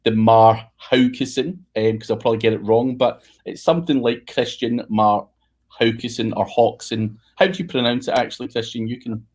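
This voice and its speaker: A man hosts a podcast in a relaxed, chatty way, joking around and swearing casually. His pitch sits in an ordinary middle range. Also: normal speed. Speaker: podcast host.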